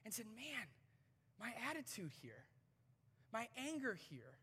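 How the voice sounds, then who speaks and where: A man in his thirties preaches to his congregation in a chatty, animated way, with humorous stories along the way. His voice sits high and rings bright. The microphone catches a long, echoing reverb from the church hall. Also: unhurried, breathy edge. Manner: conversational, animated storytelling with humor. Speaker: pastor. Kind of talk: sermon. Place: church sanctuary before a congregation.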